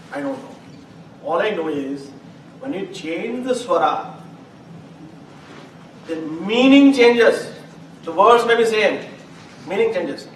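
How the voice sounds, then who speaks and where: A man teaching a live chanting class, animated and laughing often as he acts out examples. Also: high-pitched. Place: classroom hall. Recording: roomy, distant mic, noisy.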